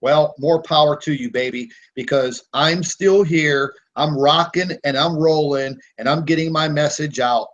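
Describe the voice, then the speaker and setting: A man's voice: on the high side, a little slow, few pauses, dull audio. A man hosting a live online hangout, talking in a defiant, combative rant with plenty of fillers. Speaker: host of a live online broadcast.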